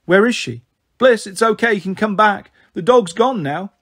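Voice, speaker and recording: A man's voice: sits high, moderate pace, breathy edge, voice pushed up. A man voicing a responsible older girl looking after younger children, anxious and caring.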